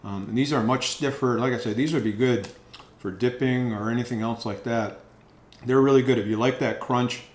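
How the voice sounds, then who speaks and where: A man's voice: medium pitch, fairly even intonation, moderate pace. A man hosting a casual food review vlog, rambling with repeated words and lots of ums. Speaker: food reviewer, channel host. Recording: echoey room with faint noise.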